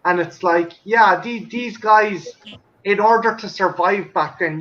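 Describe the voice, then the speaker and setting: A man's voice: sits high, measured pace, a bit bright, muffled recording, a little hiss or hum. A man on a casual podcast chat, telling stories in an enthusiastic way and swearing freely.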